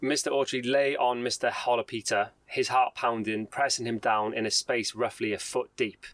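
A man's voice: medium pitch, little pitch movement, normal speed, a bit bright, no echo, poor audio. A man co-hosting a podcast, casually retelling a news story and reading quotes aloud with ums and restarts. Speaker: podcast co-host.

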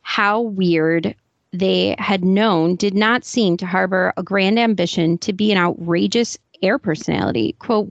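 A woman co-hosting a podcast who speaks in a skeptical, measured way and reads book passages aloud. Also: medium pitch, gravelly, no echo. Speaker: podcast co-host. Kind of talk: casual chat and reading book passages aloud. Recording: slightly dull, dry sound.

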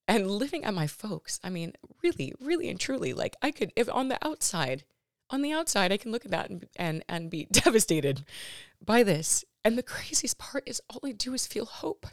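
A woman in her thirties hosting her own podcast, talking personally and emotionally in a halting way with many restarts and fillers. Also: medium pitch, no room sound, clean studio sound. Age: 30s. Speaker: podcast host.

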